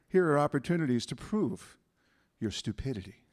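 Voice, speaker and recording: A man giving an animated spiritual talk at a middle pitch. He leads affirmations, stretching each phrase slowly and leaning on the words for emphasis. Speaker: guest speaker and musician.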